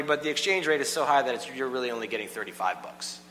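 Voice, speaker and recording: A man's voice: medium pitch, lively intonation, fast talker, bright, forceful tone. A man preaching a sermon in a church, talking casually and asking the congregation questions. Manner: conversational, asks the congregation questions. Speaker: pastor. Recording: long reverb, faint hum.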